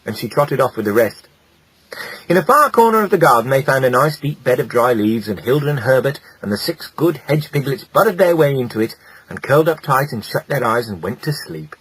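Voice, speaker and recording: A man narrating a children's animal storybook in a lively, playful way. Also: mid-range voice, fairly quick, slight background noise, poor audio. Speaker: audiobook narrator.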